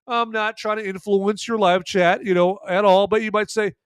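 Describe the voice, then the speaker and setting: A man with a fairly high, smooth and clear voice hosts a live podcast in casual commentary. He rambles, with lots of fillers and restarts. The sound is dry and close, with no room around it. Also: fairly even intonation, moderate pace, no room sound. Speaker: podcast host presenting a vampire movie list.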